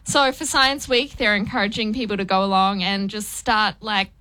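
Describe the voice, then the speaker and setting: A woman's voice: mid-range voice, steady tone, moderate pace, pushed and bright, clean tone. A woman on a radio show, explaining a story in plain, casual terms. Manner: explains things plainly, with fillers.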